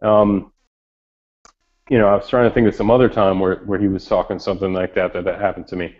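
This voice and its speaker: A man's voice: deep voice, a little fast. Profane storytelling man on voice chat. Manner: animated storyteller, swears freely. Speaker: chat participant. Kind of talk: casual chat. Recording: lo-fi online voice chat.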